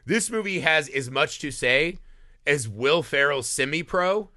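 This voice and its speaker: A man co-hosting a casual movie podcast, ranting in an exasperated, animated way and acting out scenes. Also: a little high, a little slow, dry recording, clean studio sound. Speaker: podcast host. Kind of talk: casual movie review chat.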